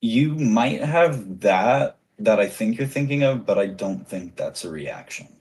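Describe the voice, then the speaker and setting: A man's voice: fairly low pitch, animated, a little slow, darkish tone, slightly rough. A man narrating a tabletop role-playing game as game master, casual and playful, often chuckling.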